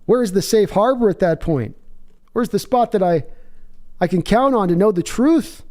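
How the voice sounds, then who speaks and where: A man's voice: sits high, expressive, moderate pace, darkish tone. A man hosting a casual sports live stream, rambling and joking while answering chat questions. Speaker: podcast host.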